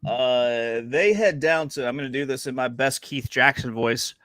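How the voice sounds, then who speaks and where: A man's voice: medium pitch, moderate pace, few pauses, fairly bright tone, no echo, clean studio sound. A man hosting a casual sports betting chat, talking in a chatty, playful way with frequent fillers. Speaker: podcast host.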